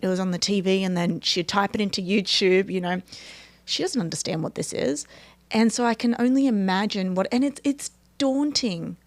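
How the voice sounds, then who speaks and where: A woman's voice: medium pitch, moderate pace, no echo. A woman, a guest talking emphatically and animatedly in a casual podcast conversation. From Australia.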